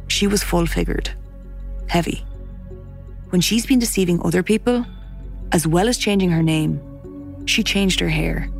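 Female documentary narrator, deliberate scripted read, gravelly texture, faint music bed. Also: fairly low pitch.

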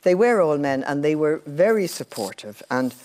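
An older Irish woman, a former television journalist, telling anecdotes in a relaxed interview. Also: sits low, moderate pace. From Ireland. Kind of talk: casual storytelling.

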